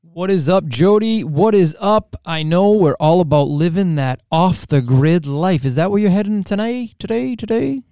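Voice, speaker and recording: A man's voice: high-pitched, dark tone, smooth. A man co-hosting a podcast in a studio, chatting casually and teasing his co-host with jokes. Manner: joking, teasing, quick talker. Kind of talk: casual chat.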